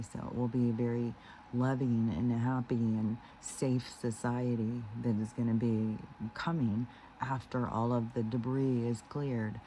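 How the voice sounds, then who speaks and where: A man talks in a mellow, warm tone. His spiritual monologue meanders through fillers and false starts. He turns earnest and slower on the points he wants to stress. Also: medium pitch, slight background noise, low-quality recording. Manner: meandering, heavy with fillers and restarts; earnest, slows down on key phrases. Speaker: spiritual vlogger.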